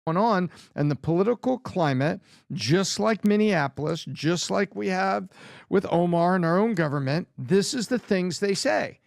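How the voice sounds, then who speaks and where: A man's voice: high voice, animated, moderate pace, gravelly, dry recording, studio quality. Indignant male political commentator. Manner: indignant, emphatic. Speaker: commentator in a played clip.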